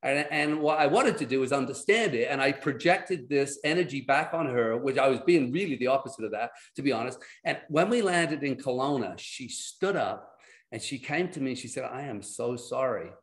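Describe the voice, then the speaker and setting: A middle-aged man telling personal stories as a guest on a video call, in lively, animated storytelling. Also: medium pitch, moderate pace. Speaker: guest speaker.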